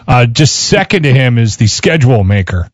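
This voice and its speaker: A male sports radio host asks his questions in a chatty, wry way. His voice sits at a middle pitch, dry and a bit dull in sound. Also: very animated, normal speed, no echo. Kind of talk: casual interview questions.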